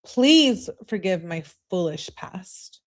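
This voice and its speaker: A woman's voice: on the low side, sing-song, slow. A woman reading out the lines of a submissive young woman who pleads and apologizes. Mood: apologetic.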